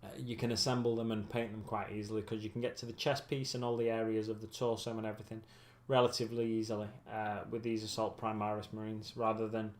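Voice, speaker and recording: Building miniatures during a relaxed livestream, a man speaks at a fairly low pitch, musing and rambling with plenty of pauses and self-corrections. He's getting tired.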